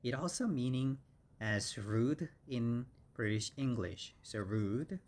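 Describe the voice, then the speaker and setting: A man teaching English vocabulary, saying each word slowly and repeating it several times. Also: medium pitch, a little mellow. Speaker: English instructor. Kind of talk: vocabulary lesson.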